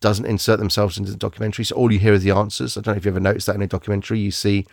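A man's voice: lowish voice, level tone, very fast, creaky, dry recording, studio quality. A man hosting a podcast, reviewing films in casual, rambling chat, often restarting and searching for words.

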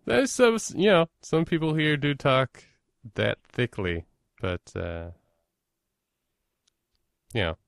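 A man's voice: medium pitch, wildly swooping pitch, takes it slowly, gravelly, long pauses, no room sound, studio quality. A Minnesotan man hosting a podcast, chatting casually in a rambling, self-deprecating way with plenty of fillers. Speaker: podcast host. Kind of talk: casual conversation.

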